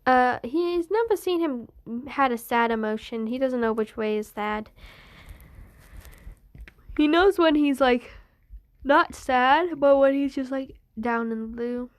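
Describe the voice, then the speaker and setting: A woman's voice: sits high, measured pace. A young woman casually telling a fan story, rambling with many fillers and restarts.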